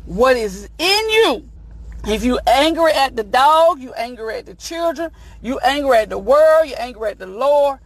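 A married woman hosting a show, telling a comic story in a lively, folksy way and calling her listeners honey. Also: sits high, normal speed, no echo. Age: adult, married. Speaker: show host. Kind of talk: lively comedic morning-show monologue.

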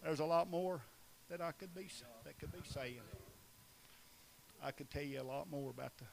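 A preacher from Eastern Oklahoma who swings between shouted, chanting preaching and quieter asides with short laughs. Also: male voice, on the high side, moderate pace, creaky. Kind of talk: sermon.

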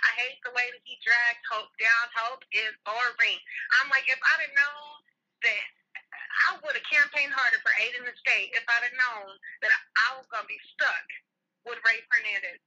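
A woman's voice: a little high, fairly even intonation, moderate pace, bright, forceful tone, muffled recording. A woman co-hosting a casual podcast chat, bluntly and emphatically repeating her complaints. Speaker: podcast co-host.

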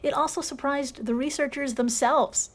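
A woman's voice: high-pitched, steady tone, normal speed. A woman hosting a casual storytelling podcast, sarcastic, swearing freely and laughing often. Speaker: podcast host.

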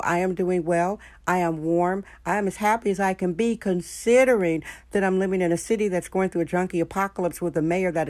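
Frank low-voiced woman podcast host. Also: a little mellow, no echo. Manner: chatty, frank, addresses listeners directly. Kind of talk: casual storytelling monologue. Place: San Francisco.

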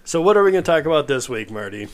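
A middle-aged man co-hosting a podcast in casual chat, teasing his partner and tossing in quick jokes. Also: on the high side, big pitch swings, clean tone. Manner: joking, teasing, quick asides. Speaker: podcast co-host.

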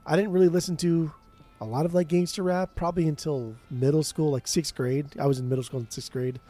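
A man's voice: a little high, steady tone, brisk, warm tone. A man in his thirties, co-hosting a music podcast remotely, sarcastic and nitpicking in casual banter. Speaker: podcast co-host. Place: remote from co-host.

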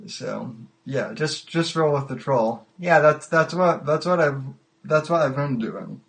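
Slow, stammering man hosting a call-in. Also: on the high side, creaky. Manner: halting, stammers and repeats words. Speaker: podcast host. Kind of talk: casual livestream call-in chat.

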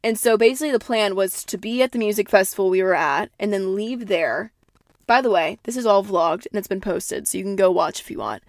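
Young woman, podcast host, casual storytelling, swears a lot, filler-heavy, medium pitch, dry close sound. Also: brisk, no echo. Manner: animated, swears freely, heavy use of "like"; self-described dramatic.

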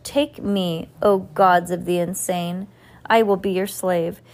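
A woman reads the part of a nervous, theatrical male jester locked in a dark cell. He rambles in rhymes and bad puns, fretting about his own sanity. The delivery is storybook read-aloud, close to her own voice. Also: on the low side, steady tone, takes it slowly. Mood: theatrical, fretful. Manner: rhyming, pun-loving, theatrical ramble. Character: anxious, rambling male court jester prisoner.

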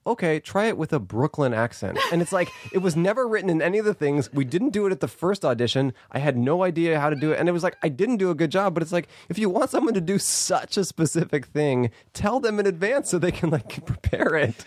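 A man's voice: fairly high pitch, lively intonation, fast, few pauses. A young man chatting as a podcast guest, joking around and laughing often. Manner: jokey, laughs a lot, does impressions. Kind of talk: casual chat.

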